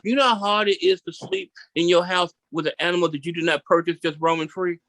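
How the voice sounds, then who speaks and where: A man from Memphis does a stand-up set, telling his story in an animated way and hammering his punchlines by repeating them. His voice sits a little high for a man. The sound is close and dry, with no room around it. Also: fairly quick, hardly any pauses, no room sound. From Memphis, Tennessee. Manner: seated while performing. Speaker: stand-up comedian.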